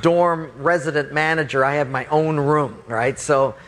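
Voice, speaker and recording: A man's voice: fairly high pitch, fairly even intonation, unhurried, a bit bright. A man animatedly telling a funny story from his own life, often laughing as he talks.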